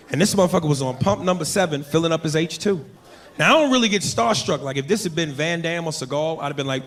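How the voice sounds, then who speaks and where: A man performing a live stand-up comedy routine, loud and animated, shouting his punchlines and slipping into silly voices. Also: on the high side. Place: comedy club stage. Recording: roomy live venue with audience noise. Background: audience laughter.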